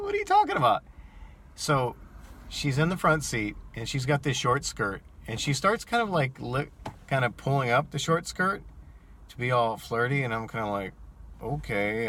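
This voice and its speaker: A man who drives for rideshare apps, casually telling an animated, incredulous story to his viewers. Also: mid-range voice, slight background noise.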